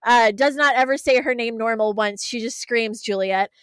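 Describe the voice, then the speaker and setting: A young woman co-hosting a podcast, chatting casually in a blunt, sarcastic way and retelling scenes with animated voices. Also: a little high, normal speed, clean tone, dry recording. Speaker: podcast co-host. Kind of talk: casual chat.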